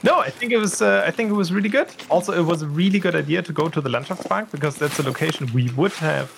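A man's voice: on the high side, expressive, fast talker, gravelly, a bit bright, slight background noise. A man co-hosting a podcast, chatting casually outdoors, hesitant and agreeable with many fillers. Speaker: podcast co-host, photographer. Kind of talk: casual chat. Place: outdoors at an industrial park.

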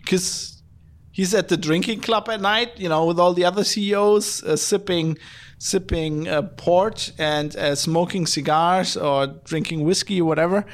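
Male podcast host, slightly high voice, casual profane rant. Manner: ranting, profane, many fillers. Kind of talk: casual chat.

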